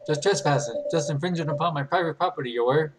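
A man voicing an indignant homeowner who loudly accuses an intruder. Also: a little high, fast talker, slight background noise, close to an everyday voice. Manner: loud, blustering, accusing.

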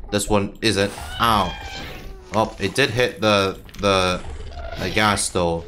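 Brief: young male gamer, lowish voice, loose foul-mouthed running commentary, faint game noise under it. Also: measured pace, a bit bright. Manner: frustrated, swears a lot, yelps at hits. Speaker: gaming channel host. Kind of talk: casual gameplay commentary.

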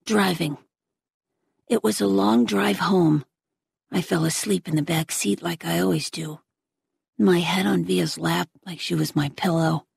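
Audiobook narrator, female, raspy fry-edged tone, close dry studio read. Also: on the low side, fairly even intonation, measured pace, a little mellow, no room sound. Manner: narrating as a young boy in first person, voicing family members. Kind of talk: scripted narration.

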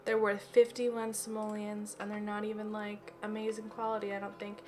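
A woman's voice: medium pitch, steady tone, measured pace, pauses often, soft background music. A woman chatting casually through gameplay commentary from her home office, giggly and filling her talk with "like" and "um". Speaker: let's play gamer.

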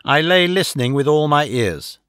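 A man narrating a classic detective story as an audiobook, reading in a measured, dramatic first-person way into a close microphone. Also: a little high, expressive, fairly bright tone, clean tone, dry recording. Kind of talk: scripted narration.

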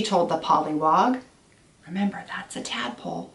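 A woman teacher reading a picture book aloud to children, pausing to ask them gentle questions. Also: medium pitch, very animated. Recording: echoey room, far from mic.

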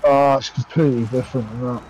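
A man's voice: medium pitch, fairly even intonation, fast talker, a little mellow, highs cut off, a little hiss or hum. A man playing a strategy game and ranting in frustration, swearing heavily as he talks. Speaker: gamer streaming a match. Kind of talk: casual gameplay chat.

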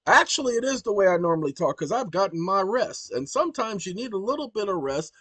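A man hosting his own channel, talking to viewers in an animated, exclaiming, colloquial way. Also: high voice, quick pace, no room sound. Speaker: channel host. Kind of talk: casual commentary to viewers.

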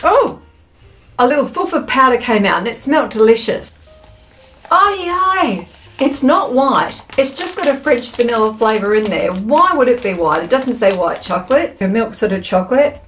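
A woman's voice: fairly high pitch, big pitch swings, normal speed, fairly bright tone. Bubbly woman reviewing snacks. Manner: enthusiastic, playful, savoring sounds. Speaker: food taste-test vlogger. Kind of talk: casual chatty food review.

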